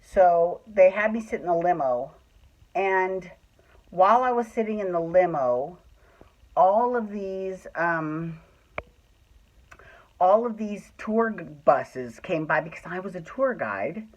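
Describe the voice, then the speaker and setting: A man's voice: high-pitched, expressive, slow pace, lo-fi sound. A man telling a personal story in a casual, chatty way, swearing freely and acting out what people said. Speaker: storyteller host.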